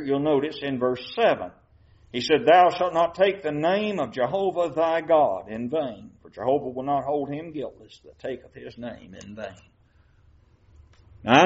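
A man preaching a sermon, reading scripture slowly and putting questions to the congregation. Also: medium pitch, darkish tone. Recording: muffled church recording.

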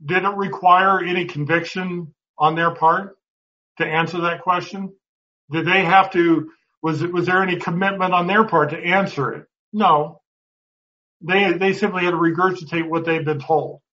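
Bright-voiced Bible class teacher, lo-fi. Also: male voice, high voice, fairly even intonation, normal speed. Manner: conversational, repeats words, asks the class questions. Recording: dull lo-fi recording.

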